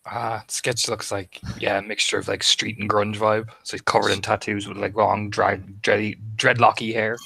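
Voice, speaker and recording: Man, low gravelly husky voice, mumbling and swearing; tabletop player. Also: flat delivery, normal speed, few pauses, sharp tone, dry recording. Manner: mumbling, swears, self-deprecating. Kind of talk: casual tabletop role-play.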